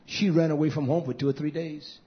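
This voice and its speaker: A middle-aged man preaching a fiery sermon, scolding, dropping to low mutters and whispers, then rising into loud outbursts. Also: steady tone, fairly quick. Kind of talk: fiery street-style sermon. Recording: muffled lo-fi recording.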